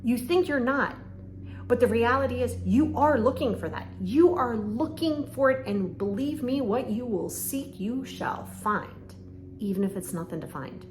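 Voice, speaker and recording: A woman's voice: on the high side, animated, measured pace. A woman hosting a podcast as a coach, talking directly and emphatically and acting out bits of dialogue. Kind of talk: motivational monologue. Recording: echoey room with faint ambient noise. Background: faint ambience, lawnmower outside.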